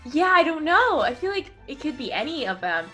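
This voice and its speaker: A young woman being quizzed as a guest, her voice high and very lively. She laughs often and cries out when she misses an answer, her tone bright and forward. Soft music plays faintly behind her. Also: fairly quick. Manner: animated, laughs often, shrieks when wrong. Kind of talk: casual quiz chat.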